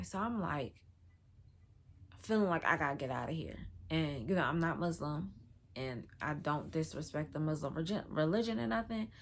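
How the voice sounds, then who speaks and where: Woman, gravelly, low-ish voice, casual storytime vlog, slangy, loose, lots of fillers. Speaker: vlogger.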